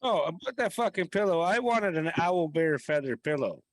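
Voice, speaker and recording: A man playing his character in a tabletop game, gruff and swearing freely. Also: on the high side, animated, normal speed, no room sound. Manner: gruff and foul-mouthed. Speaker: player. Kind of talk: in-character tabletop role-play.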